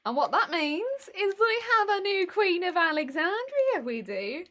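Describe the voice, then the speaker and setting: A woman's voice: very high voice, very animated, unhurried, pushed and bright. A woman chatting casually while streaming a game, giggly and talkative, greeting viewers as she plays. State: recovering from a migraine. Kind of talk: casual gaming stream chat.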